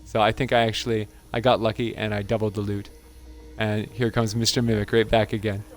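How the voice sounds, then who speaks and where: A man's voice: fairly low pitch, flat delivery, fairly quick. A man hosting a gaming channel, giving casual gameplay commentary in an amused, chatty way and laughing often.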